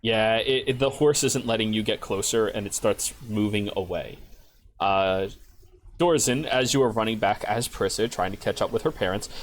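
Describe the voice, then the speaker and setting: A man's voice: on the low side, moderate pace, slight background noise. Man narrating as game master.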